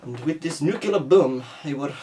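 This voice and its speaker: A man's voice: on the high side, animated, moderate pace, mellow, distant mic, a little hiss or hum, natural voice. A man doing a hammy impression of a male action-film villain with put-on French and Russian accents. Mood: sinister. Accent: mock French and Russian.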